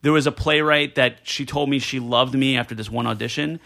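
Fast, bright-voiced male storyteller. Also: medium pitch, creaky. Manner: animated, fast, does voices of people in his stories. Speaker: podcast guest telling a story. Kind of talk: casual storytelling chat.

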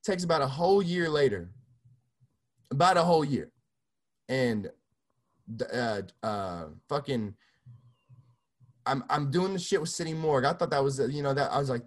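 A man's voice: mid-range voice, moderate pace, pauses often. Young male guest, casual storyteller, swears freely, restarts sentences, mid-range voice. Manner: loose and profane, many restarts. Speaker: music producer guest.

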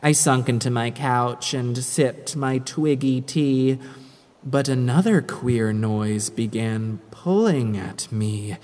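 Woman storyteller, very slow and sing-song, heard with a long hall-like reverb. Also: extremely low pitch, darkish tone. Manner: dramatic, sing-song rhyming delivery. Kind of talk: rhyming spooky story reading.

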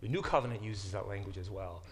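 A man's voice: fairly low pitch, quick pace, slight background noise. A middle-aged man giving a lecture to a class as its professor, explaining with frequent fillers and restarts. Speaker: professor teaching a Bible class.

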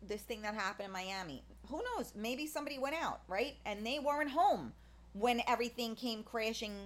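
A woman with a slightly high-pitched voice talks her way through a loose, rambling monologue. She piles up fillers and restarts and speaks bluntly, swearing in passing, as if chatting with friends. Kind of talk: casual monologue.

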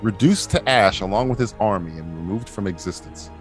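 A man's voice: fairly low pitch, fairly quick, faint music behind. A man hosting a casual podcast quiz game, reading clues aloud and laughing often as he chats. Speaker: quiz host.

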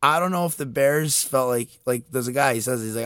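A man's voice: medium pitch, brisk, fairly bright tone, clear, resonant tone, dry recording. A young man in casual chat, telling a story animatedly with lots of fillers and laughter. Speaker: podcast co-host.

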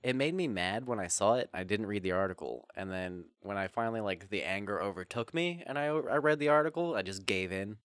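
A young man riffing on a casual podcast, his pitch leaping up and down as he tells a story. He talks crudely and breaks into giggles often. The sound is dry and close, with no room around it. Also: animated, fairly quick, hardly any pauses, fairly bright tone, no echo. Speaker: podcast co-host. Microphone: close studio mic.

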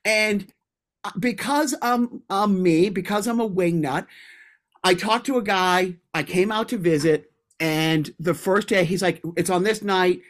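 A man from Boston co-hosting a podcast, telling rambling, animated anecdotes in casual chat. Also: sits high, unhurried. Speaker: podcast co-host.

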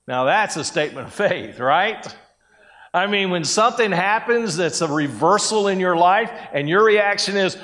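A man's voice: sits high, lively intonation, moderate pace, a bit bright. A man preaching a sermon in a conversational way, breaking into acted-out quotes of people. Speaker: pastor.

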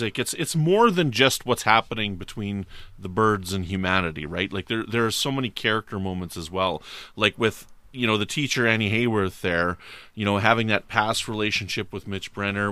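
A man with a bright, forceful, fairly low voice talks eagerly about films in a casual podcast chat. He leans on filler phrases as he goes. The sound is dry. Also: clear, resonant tone, dry recording. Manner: enthusiastic, with many filler phrases. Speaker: podcast co-host. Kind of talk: casual film discussion.

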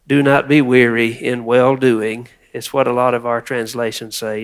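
A man's voice: medium pitch, flat delivery, moderate pace, few pauses. A man preaching a sermon, reading scripture and prompting the congregation to repeat words. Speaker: pastor.

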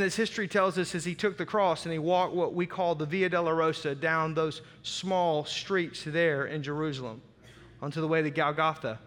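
A man's voice: fairly high pitch, a bit bright, big-room sound. A man preaching a sermon as pastor, emphatic and dramatic, with repeated phrases.

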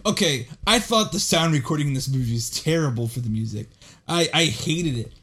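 A man co-hosting a casual film podcast, animated and laughing often with quick asides. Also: on the high side, husky. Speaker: podcast co-host. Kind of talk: casual chat.

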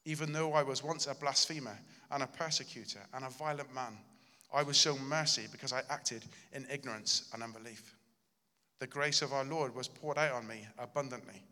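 A man's voice: medium pitch, pushed and bright. Emphatic male pastor in a reverberant hall. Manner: earnest, emphatic preaching that acts out quoted lines. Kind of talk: sermon.

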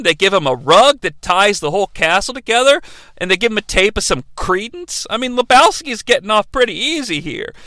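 A man tears through a movie recap in a swearing, joking rant. His voice is high and bright, swinging widely in pitch. The dry, close sound keeps it right up front. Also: no room sound. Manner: animated, profane, joking. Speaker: movie reviewer host.

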